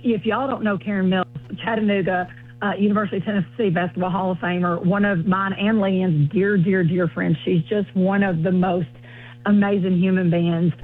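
A husky-voiced woman with a Southern US drawl, gushing and folksy as she chats. She comes through a thin, tinny phone line. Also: mid-range voice, steady tone, moderate pace. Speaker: comedian guest. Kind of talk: casual chat on a phone call.

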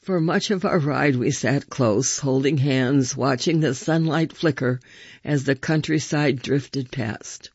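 A man reading first-person stories aloud with measured, expressive storytelling. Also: medium pitch, breathy edge, dry recording, dull audio.

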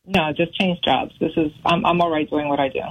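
A woman calling in to a radio show by phone, speaking in a laid-back, hesitant way with halting restarts. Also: sits low, steady tone, husky, rough recording. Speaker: caller. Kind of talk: phone-in chat.

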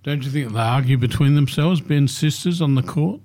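A man's voice: mid-range voice, moderate pace, dark tone, no echo. A man co-hosting a casual radio sports chat, blunt and opinionated.

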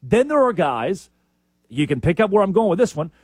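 A man co-hosting a sports talk show, telling animated stories with lots of impressions. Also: high voice, moderate pace, husky, no room sound. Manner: animated storyteller, lively impressions. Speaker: sports podcast co-host.

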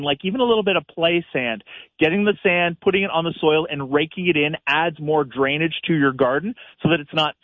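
A man's voice: a little high, dry recording. A man from Canada, a gardening expert on a radio call-in, giving practical step-by-step advice with easy laughs. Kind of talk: casual advice chat. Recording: tinny phone-line sound.

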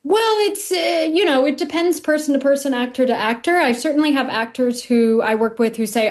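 A woman working as a dialect coach, answering interview questions clearly and with assurance. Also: high voice, a little fast, hardly any pauses, darkish tone.

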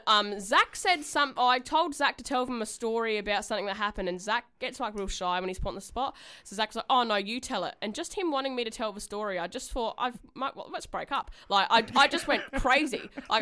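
A woman's voice: on the high side, fairly quick, hardly any pauses, sharp tone, clean tone. A young woman co-hosting a radio show, telling a rambling, candid story and swearing freely. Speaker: radio co-host. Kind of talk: casual radio chat.

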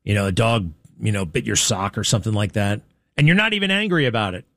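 A man's voice: fairly low pitch, animated, fast, gravelly, a bit bright, no echo. Blunt man commenting in a dry room. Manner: conversational, rhetorical questions, blunt. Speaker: show host. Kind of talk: commentary on played clips.

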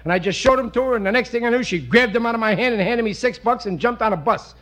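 An actor playing a bumbling husband in a 1940s radio sitcom, sheepish and prone to stammering. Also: male voice, extremely high pitch, fast talker, a bit bright.

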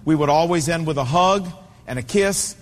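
A man's voice: fairly high pitch, normal speed, long reverb tail. A man in his fifties preaching a sermon with an emphatic, repetitive cadence. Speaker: pastor.

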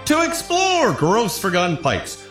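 A man's voice: high-pitched, huge pitch swings, unhurried, echoey room, pitched above the performer's own voice, heavily acted. A man playing a grand starship captain. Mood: commanding. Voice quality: grand, dramatic delivery. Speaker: voice in a radio ad. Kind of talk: spoof space-show radio ad. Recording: radio ad with loud music.

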